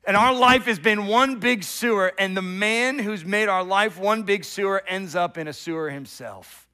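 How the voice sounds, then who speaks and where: A middle-aged man preaching a sermon as pastor, telling the story with animation, rising loud and dropping to a hush, often repeating words as he starts a thought. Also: high-pitched, normal speed.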